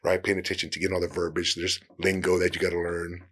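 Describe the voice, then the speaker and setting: A man's voice: low-pitched, completely flat delivery, a bit bright. A man, an actor guest on a podcast, giving casual career advice in an easygoing way, laughing often and acting out short exchanges. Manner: easygoing, laughs often, acts out quick dialogues.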